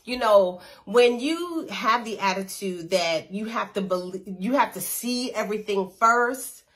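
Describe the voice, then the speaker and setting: A woman's voice: medium pitch, measured pace, a bit bright. A woman, hosting a spiritual oracle card reading and speaking in an earnest, encouraging, affirming way. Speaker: host, intuitive healer.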